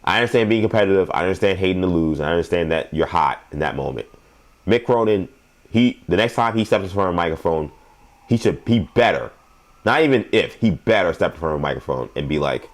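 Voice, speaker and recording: A man's voice: deep voice, expressive, fast. A young adult man hosting a sports show, giving rambling, emphatic commentary and laughing at his own stories.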